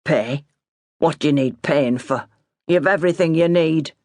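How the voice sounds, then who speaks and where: A man's voice: a little high, measured pace, a little mellow, no echo, studio quality, natural voice. A woman voicing a stern older farmer father, blunt and scornful.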